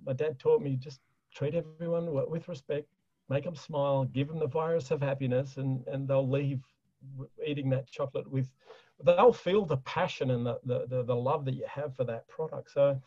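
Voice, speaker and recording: A middle-aged man talks with chatty enthusiasm, an average-pitched voice. The sound is dry and a bit dull, lo-fi. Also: mellow, dry recording. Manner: enthusiastic, chatty, frequent fillers and laughs. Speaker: guest, chocolate business owner. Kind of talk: casual interview talk.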